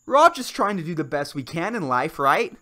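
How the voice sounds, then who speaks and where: With a slightly high, sing-song voice and a sharp tone, this young man talks briskly as he hosts a solo comedy podcast in Puerto Rico. He rants and swears heavily, swinging between fired-up outbursts and mumbled asides.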